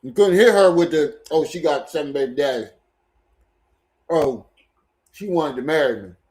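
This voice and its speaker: A man's voice: a little high, normal speed, a little mellow. A man hosting a livestream who gives casual commentary and repeats himself in loose, chatty sentences. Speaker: livestream host.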